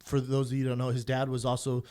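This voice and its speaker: A man's voice: mid-range voice, completely flat delivery, fast talker, darkish tone, clean tone. A man co-hosting a podcast in casual chat, blunt and profane, with frequent fillers. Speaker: podcast co-host.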